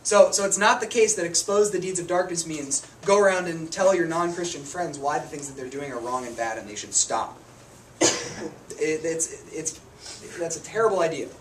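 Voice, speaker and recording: A man's voice: a little high, lively intonation, a little fast. A man giving a casual, conversational sermon, telling stories about himself with self-deprecating humor. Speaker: preacher. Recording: distant mic with noticeable room noise.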